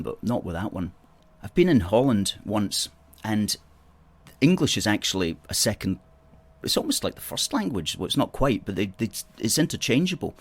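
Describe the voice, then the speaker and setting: A Scottish man hosts a livestream with a fairly low voice. He talks in a loose, opinionated ramble, stops to restart his sentences and answers viewer comments as they come in. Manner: opinionated, chatty, rambling with self-corrections. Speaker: host.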